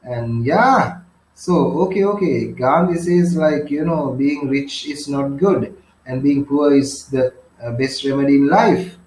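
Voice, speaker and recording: A man's voice: medium pitch, a little slow, darkish tone, roomy sound, low-quality recording. A man teaching a novel in a lecture, paraphrasing it, defining words and often checking in with 'right?'.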